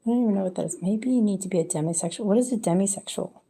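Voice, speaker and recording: A woman's voice: medium pitch, rapid-fire, dark tone. A woman chatting casually and candidly on a live stream from home, rambling from one thing to the next. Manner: rambling, candid, drifts into whispers at times. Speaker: livestreamer.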